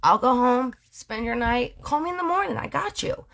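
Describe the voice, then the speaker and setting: A woman playing an easygoing devoted husband in his forties, laid-back and agreeable. He talks in a relaxed, sing-song way, rising higher than her usual voice. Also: normal speed, vocal fry, heavily acted.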